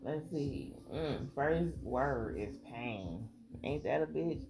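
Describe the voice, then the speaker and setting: A woman's voice: a bass voice, animated, slow pace. A woman tarot reader doing a casual reading, rambling, thinking aloud and swearing freely.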